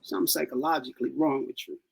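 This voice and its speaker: A man's voice: medium pitch, fast, gravelly, husky, poor audio. A man co-hosting a podcast in casual chat, telling stories and slipping into playful voices. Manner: animated storytelling with playful put-on voices. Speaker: podcast co-host.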